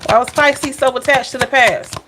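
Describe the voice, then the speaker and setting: A woman's voice: high voice, fairly even intonation, moderate pace, noisy background. A woman giving a casual tarot reading, chatty, blunt and playful, speaking straight to her viewers. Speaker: tarot reader.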